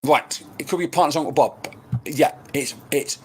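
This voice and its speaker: A man's voice: on the high side, normal speed, darkish tone, slight background noise. Rambling man giving a live reading. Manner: chatty, rambling, bantering, swears casually. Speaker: medium. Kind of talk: live-streamed mediumship reading. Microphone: webcam mic.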